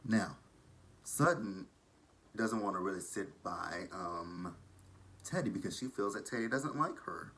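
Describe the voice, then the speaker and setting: Texas guy w a southern drawl dishing gossip, lowish voice, shady asides. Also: lively intonation, a little slow, pauses often, a bit bright, slight background noise. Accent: Texan. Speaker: reality TV recap vlogger. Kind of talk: casual recap commentary.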